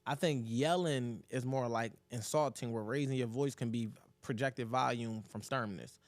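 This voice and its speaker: A young man co-hosting a podcast in casual chat, animated and talking in bursts. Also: mid-range voice, moderate pace, dry recording. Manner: animated, talks in bursts with loud quoted outbursts. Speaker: podcast co-host.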